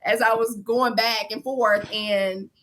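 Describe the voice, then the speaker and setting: Bright, high-voiced woman telling a story emphatically. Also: fairly even intonation, slow pace, slight background noise. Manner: emphatic, repeats phrases, acts out quotes. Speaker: reality show contestant guest. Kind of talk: candid interview storytelling.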